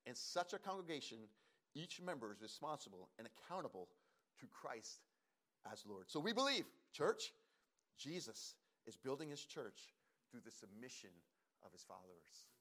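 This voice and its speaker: A man preaching as pastor, earnest and emphatic, pausing and repeating phrases for stress. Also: medium pitch, animated, a bit bright. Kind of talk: sermon.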